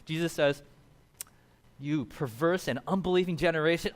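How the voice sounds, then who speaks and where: A man preaching a sermon in a casual, animated storytelling way, acting out the people in the passage. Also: on the high side, moderate pace. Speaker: pastor.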